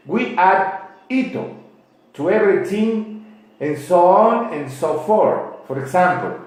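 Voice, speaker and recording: A man, a teacher explaining English dialects slowly and with some hesitation in an interview. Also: fairly high pitch, a little mellow. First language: Spanish. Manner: slow, deliberate, a little halting. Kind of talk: explanatory answers in a class interview. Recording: very echoey room.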